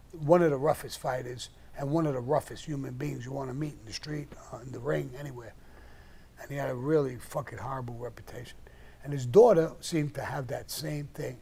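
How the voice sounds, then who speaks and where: A man's voice: mid-range voice, darkish tone. An older man, hosting a live stream and telling blunt, profane stories in a casual way. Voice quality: gravelly. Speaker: live-stream host answering questions. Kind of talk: casual storytelling.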